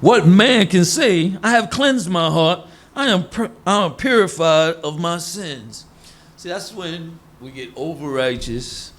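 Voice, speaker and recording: A man's voice: fairly high pitch, expressive, unhurried, fairly bright tone. A man preaching in a casual, conversational way. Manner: informal, conversational, acts out quoted voices. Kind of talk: sermon teaching.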